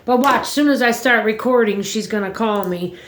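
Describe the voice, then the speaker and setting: A woman's voice: fairly high pitch, normal speed. A woman vlogging from home, chatting casually to her viewers in a rambling, blunt way and swearing freely. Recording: roomy echo.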